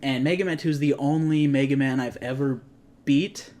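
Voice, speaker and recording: A man's voice: medium pitch, fairly even intonation, moderate pace, darkish tone. Rambling young man chatting about games. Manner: rambling, self-correcting. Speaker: co-host. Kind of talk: casual gaming chat. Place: garage.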